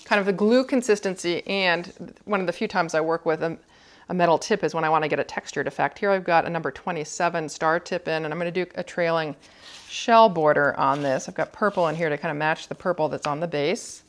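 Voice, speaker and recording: A woman teaching cookie decorating, calmly explaining each step while she works. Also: low-pitched, fairly quick. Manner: calm, explanatory, thinking aloud while working. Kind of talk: step-by-step demonstration.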